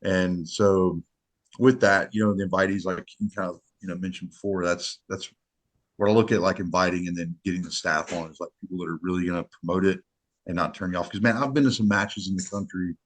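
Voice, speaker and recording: A man's voice: low voice, fairly even intonation, brisk. A middle-aged man, a match director, chatting casually on a podcast in an earnest, rambling way with many restarts.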